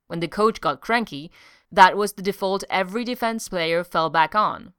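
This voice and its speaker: A woman narrating a story in an audiobook, measured and even. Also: medium pitch, clear, resonant tone, dry recording, studio quality. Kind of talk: audiobook reading of fiction.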